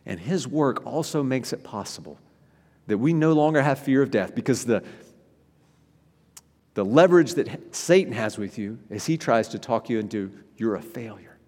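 A man preaching a sermon to a congregation, animated, with frequent restarts, swinging from loud emphasis to quiet, soft passages. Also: mid-range voice, moderate pace, in a large hall. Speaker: pastor.

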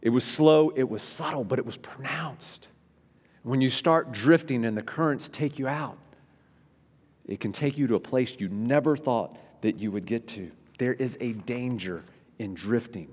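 A man preaching a sermon as pastor, animated, his voice rising and dropping for emphasis. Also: medium pitch, normal speed, slightly rough. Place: church sanctuary. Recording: hall reverb from a large room.

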